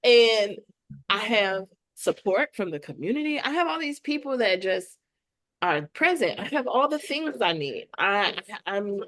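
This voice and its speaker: A woman guest on a podcast, an artist and educator, talking in a heartfelt, animated way and laughing often. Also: medium pitch, unhurried. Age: adult with children. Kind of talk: casual conversational interview.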